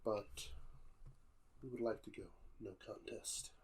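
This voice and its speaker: A man's voice: on the low side, little pitch movement, slow, darkish tone, breathy edge. A man playing a tabletop game who bluffs his way through as an ambassador in a dry, offhand way. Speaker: player. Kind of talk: casual tabletop play, in character. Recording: faint background noise.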